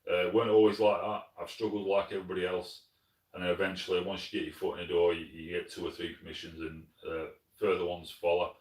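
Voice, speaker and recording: Low-voiced South Yorkshire man, echoey room. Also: flat delivery, fast, a little mellow, distant mic. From Sheffield, South Yorkshire, England. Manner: friendly, plain-spoken, often calls viewers mate. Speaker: hunting channel host. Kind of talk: live stream chat answering viewer comments. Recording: echoey room, mic some way off.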